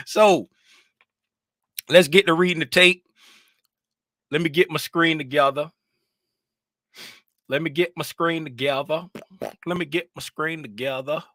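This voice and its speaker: A man giving casual live-stream commentary as a trading educator, rambling and animated, repeating phrases as he vents. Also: fairly high pitch, measured pace, long pauses, no room sound.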